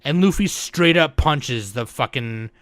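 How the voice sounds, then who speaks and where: A man's voice: medium pitch, lively intonation, unhurried, fairly bright tone, no room sound. A man on a casual podcast, retelling scenes loosely with lots of swearing and acted-out quotes. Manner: loose, profane, acts out characters' lines. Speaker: podcast co-host.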